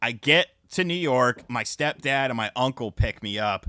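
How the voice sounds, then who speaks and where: A man's voice: mid-range voice, expressive, moderate pace, sharp tone, no echo. A man hosting a casual livestream, chatting with viewers and telling rambling, profane stories full of fillers on a close mic. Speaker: livestream host. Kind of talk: casual stream chat and storytelling.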